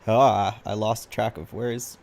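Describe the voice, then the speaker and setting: A man's voice: lowish voice, fairly even intonation, slow pace, gravelly, a little mellow. A tired man chatting casually and rambling in a self-deprecating way while he draws on camera. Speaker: artist drawing on camera. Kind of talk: casual chat while drawing.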